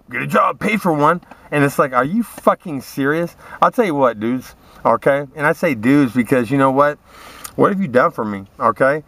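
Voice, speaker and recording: A man's voice: medium pitch, fairly bright tone. A man in a profane, rambling, aggrieved rant, talking straight at his listeners. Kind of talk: ranting monologue to camera.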